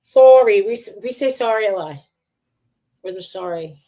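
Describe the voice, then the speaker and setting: A woman's voice: medium pitch, normal speed, mellow. A middle-aged woman chatting casually with friends on a crafting livestream. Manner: coos and talks baby-talk to her dog. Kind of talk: casual chat.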